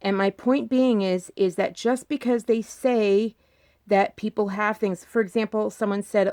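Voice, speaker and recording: An insistent woman delivers casual vlog commentary in a mid-range voice. She circles back over her points and throws out rhetorical questions. Her pitch leaps upward whenever she presses a point hard. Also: steady tone, normal speed, a little mellow. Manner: insistent, repeats herself, fires rhetorical questions; pitch jumps up when emphatic. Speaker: vlogger.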